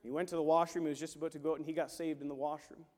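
A man preaching a sermon, telling a story with animated swings from hushed lines to shouts. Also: on the high side, very fast. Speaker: pastor. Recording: long hall reverb.

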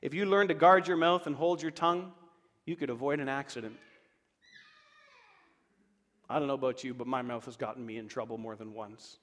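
A man preaching a sermon in an animated way, acting out inner voices and laughing now and then. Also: mid-range voice, fast talker, in a large hall. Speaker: pastor.

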